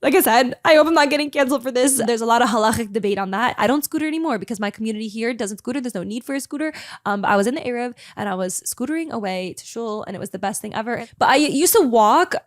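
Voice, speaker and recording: A woman's voice: a little high, fast talker, no echo, clean studio sound. A young woman hosting a podcast. She tells a story in a casual, chatty way and fills her speech with "like.". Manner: chatty, animated, full of "like" fillers. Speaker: podcast host.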